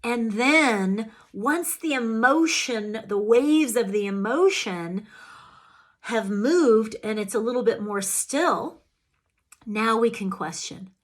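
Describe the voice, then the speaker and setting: A woman coaches listeners on emotional healing in an earnest self-help talk, addressing them directly. She's animated and slow, and her pitch jumps up when she acts out her own feelings.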